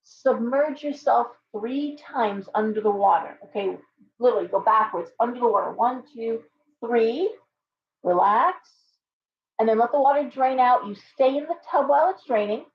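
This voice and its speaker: A woman's voice: on the high side, normal speed, vocal fry. A woman hosting a live show as a tarot reader, talking in a chatty, rambling, blunt way with frequent restarts. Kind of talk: casual live-stream chat. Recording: dull lo-fi sound with faint hum.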